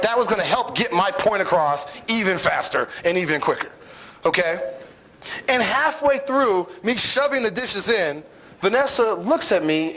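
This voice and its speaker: A young man telling a personal story to an audience in a playful, animated way, acting out his own lines and often checking in with "right?". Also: sits high, rough recording. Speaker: speaker telling a personal lesson.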